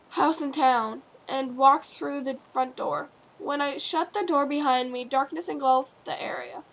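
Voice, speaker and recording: Amateur narrator, high voice, halting and self-correcting. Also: female voice. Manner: stumbles and self-corrects while reading. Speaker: fanfiction reader. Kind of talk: amateur read-aloud narration.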